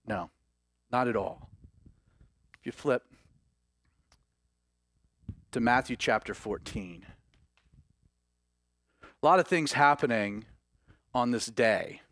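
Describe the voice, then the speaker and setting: A man preaching a sermon in an animated way, acting out the voices he quotes. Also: mid-range voice, slow pace, pauses often, dry recording, studio quality.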